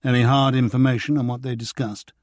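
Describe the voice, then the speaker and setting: A man's voice: mid-range voice, level tone, fairly quick, no echo, close to an everyday voice. A male narrator voicing a wry British journalist who asks dry, probing questions.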